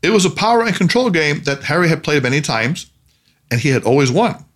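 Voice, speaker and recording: Expressive male storyteller. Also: on the high side, a little fast. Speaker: narrator. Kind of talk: scripted storybook narration.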